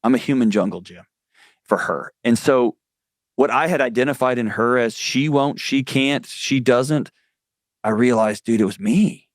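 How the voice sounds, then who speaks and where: Speaking unhurriedly in a medium pitch, a male mental health expert tells stories in a candid, earnest manner as an interview guest. The recording has no room sound.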